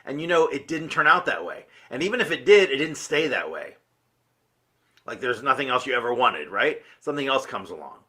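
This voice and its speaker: A man's voice: medium pitch, very animated, brisk, sharp tone. A man giving an earnest, emphatic motivational talk, full of rhetorical questions. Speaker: motivational speaker.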